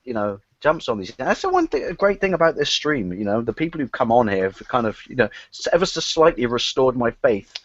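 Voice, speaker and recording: A man's voice: mid-range voice, brisk, few pauses, no echo. A man chatting on a live stream panel, teasing and swearing freely, on dry, dull lo-fi audio. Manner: crude, teasing, animated. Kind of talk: casual chat on a live stream.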